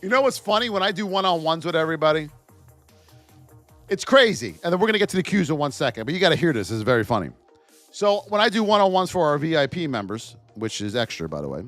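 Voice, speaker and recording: High, lively trading host joking with chat. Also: male voice. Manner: energetic, jokey banter with viewers between price levels. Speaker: trading educator. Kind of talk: live-stream market commentary.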